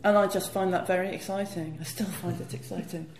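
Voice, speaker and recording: A guest historian with a lowish voice and fairly even intonation speaks briskly, explaining her subject fluently and eagerly in a conversational, scholarly style, with many "you know" fillers. The sound is roomy, and a crowd can be heard behind her.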